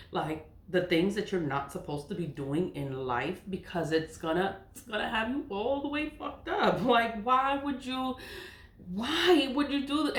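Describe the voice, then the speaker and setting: Animated woman in her forties, echoey room. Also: mid-range voice. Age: 40s. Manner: animated, laughing, swearing, emphatic. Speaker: spiritual content creator. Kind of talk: casual monologue.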